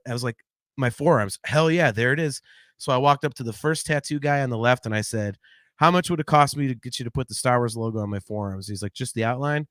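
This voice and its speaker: A man in his forties, co-hosting a podcast, who tells family stories in a lively, laughing way and reads out chat comments. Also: medium pitch, dry recording, clean studio sound. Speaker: podcast co-host.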